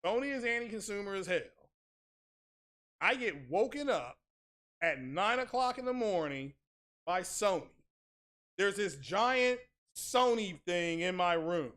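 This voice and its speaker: A man's voice: sits high, expressive, measured pace, a bit bright. Sarcastic man ranting in mock outrage. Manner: crude, blunt street talk. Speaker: tech channel host. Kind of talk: casual streamed rant.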